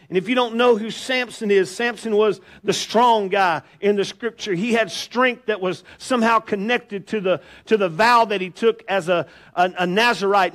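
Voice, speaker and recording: A male pastor, preaching a sermon in church with animated storytelling and jokes for the congregation. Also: high-pitched. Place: church sanctuary.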